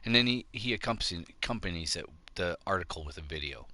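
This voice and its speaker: A man's voice: low voice, animated, fast, sharp tone, no room sound. A middle-aged man hosting a show, delivering a blunt, combative opinion monologue. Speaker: show host.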